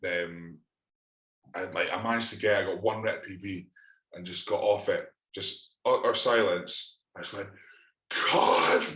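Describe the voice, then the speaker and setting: A man's voice: low-pitched, steady tone, moderate pace, a bit bright, echoey room. A Scottish man co-hosting a podcast, telling gym stories in sweary, laughing casual chat. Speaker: podcast co-host.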